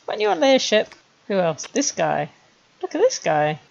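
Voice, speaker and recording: A woman streamer chatting wryly to herself as she builds animated scenes, laughing at her own jokes. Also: mid-range voice, moderate pace, creaky, lo-fi sound. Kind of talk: casual commentary while making a 3D animation.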